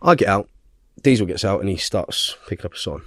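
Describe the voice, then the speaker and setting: A man's voice: deep voice, animated, a little fast, a bit bright, no room sound, studio quality. A man, a podcast guest, telling a tense story in a blunt way, swearing heavily as he goes.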